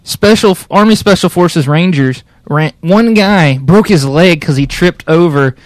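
A man's voice: fairly high pitch, measured pace, no echo. A man in casual conversation, talking in an opinionated, rambling way with many restarts. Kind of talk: casual chat.

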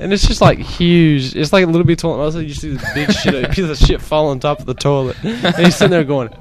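A young man with a slightly high voice, talking with friends in an eager, slangy way. He cuts in to add his own details. Other voices chatter clearly behind him. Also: quick pace. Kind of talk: casual chat.

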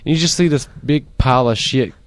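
A man's voice: mid-range voice, brisk, no room sound. A young man in casual chat with friends, chiming in eagerly with slangy remarks about a film.

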